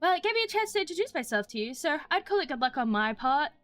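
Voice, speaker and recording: A woman faking a smooth, flirty man neighbor. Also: big pitch swings, quick pace, soft background music. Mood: smooth flirting. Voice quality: soft, failing to sound deep.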